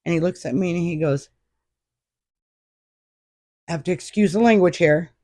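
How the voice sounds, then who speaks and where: A middle-aged woman appears as a podcast guest, recounting a personal story with lively emphasis. Her voice is on the low side and moderately paced, and the recording is dry and close with no room sound.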